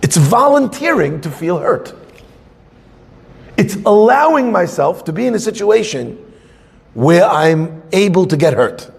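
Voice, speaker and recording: A man teaching a Torah class as a rabbi, conversational and animated, acting out little scenes. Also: high voice, unhurried, vocal fry, long pauses, husky, big-room sound.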